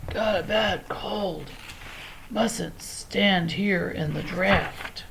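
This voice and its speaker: A woman doing a lion faking a hoarse whisper. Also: mid-range voice, drawn-out words, noisy background, voice pushed up. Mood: hoarse, gruff. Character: gentle male lion, disguised, faking a cold.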